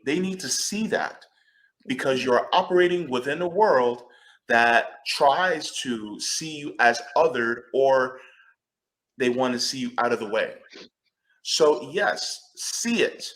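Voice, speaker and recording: A man speaking as a panelist in a discussion, animated and emphatic, swearing when riled. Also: mid-range voice.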